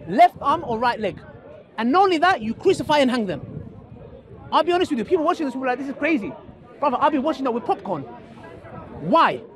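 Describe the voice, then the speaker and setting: A young man preaching and debating outdoors in a public park, lively and full of rhetorical questions to his listener. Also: extremely high pitch. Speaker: street preacher. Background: crowd.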